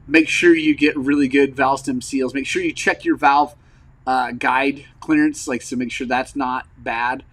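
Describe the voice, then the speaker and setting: A man hosting a motorcycle channel in casual rambling vlog chat, frank and frustrated, with lots of fillers and throat clearing, recovering from an injury. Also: mid-range voice, fairly even intonation, a little slow, fairly bright tone, poor audio. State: recovering from injury, wearing a brace.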